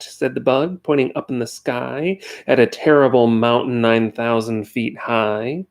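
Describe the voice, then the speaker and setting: Guy reading a kids' rhyme book at home, bit gravelly, does little voices. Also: medium pitch, a little slow, few pauses. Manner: lively voices for the characters. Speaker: reader. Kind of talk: reading a children's story aloud. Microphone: USB desk microphone on a tripod.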